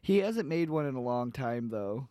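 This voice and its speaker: A man's voice: mid-range voice, animated, moderate pace, dark tone, no echo. A man co-hosting a podcast in casual, crude chat, joking and laughing often with many fillers. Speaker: podcast co-host.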